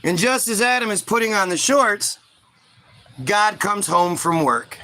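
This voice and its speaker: Man, comic storyteller, crude and rambling, high voice, bright tone. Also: lively intonation, unhurried. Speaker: comedian. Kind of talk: profane comedic storytelling.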